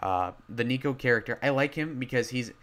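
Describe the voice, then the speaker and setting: A man reviewing horror films in a loud, rambling way, full of fillers and restarts, his voice strained from talking loudly. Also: medium pitch, a little fast. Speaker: movie reviewer. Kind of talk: casual spoken film review.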